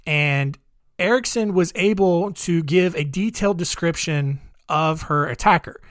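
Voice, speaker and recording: A man's voice: on the high side, measured pace, a bit bright, dry recording, clean studio sound. A man hosting a podcast, telling a true-crime story in a rambling, jokey way full of asides. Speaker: podcast host.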